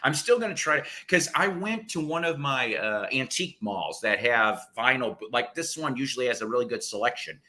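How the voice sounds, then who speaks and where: A man hosting a casual radio show, excitable and profane, laughing often and slipping into impressions. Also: mid-range voice, brisk, few pauses. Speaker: radio host and record collector. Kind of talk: casual chat. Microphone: studio mics.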